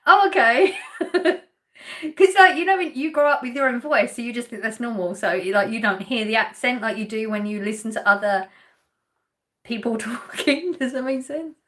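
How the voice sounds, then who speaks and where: A woman's voice: on the high side, moderate pace, fairly bright tone. A woman from Essex with an Essex English accent, hosting a live stream and chatting casually as she reads out and answers viewer comments. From England. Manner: chatty, lightly laughing, answers chat questions directly.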